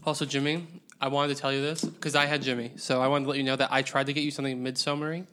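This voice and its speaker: A man's voice: mid-range voice, flat delivery, rapid-fire, sharp tone, smooth. A man co-hosting a podcast, joking casually and laughing easily with friends. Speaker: podcast co-host. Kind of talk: casual chat.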